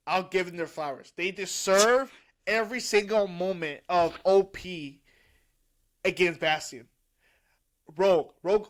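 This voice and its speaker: A man's voice: sits high, a bit bright. A man co-hosting a podcast in casual chat, amused and enthusiastic as he recaps a show. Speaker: podcast co-host.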